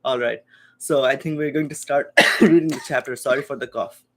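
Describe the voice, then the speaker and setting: A man's voice: medium pitch, steady tone, brisk. A man hosting a casual livestream chat, explaining things patiently to his wife with many restarts and an occasional cough. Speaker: host.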